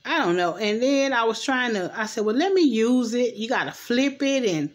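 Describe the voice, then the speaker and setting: A woman's voice: on the high side, lively intonation, normal speed. A young adult woman chatting at home in a loose, rambling way, recapping a TV episode and often saying "anywho.". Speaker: TV recap vlogger. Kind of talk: casual recap chat. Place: home at night. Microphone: camera mic.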